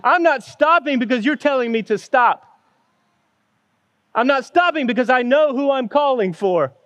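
A man's voice: very high-pitched, animated, normal speed, a bit bright, no room sound, highs cut off, pitched above the performer's own voice. A man voicing a desperate blind beggar who cries out and pleads for mercy. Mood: insistent. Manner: pleading, insistent.

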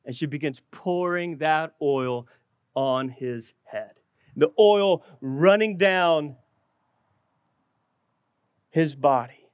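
A preacher, a man whose voice sits high for his sex, delivers a sermon with fervor. He often sinks low and slows right down to stress a point. The sound is dry and close, with no room echo. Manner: passionate preaching, dropping low and slow for emphasis. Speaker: pastor.

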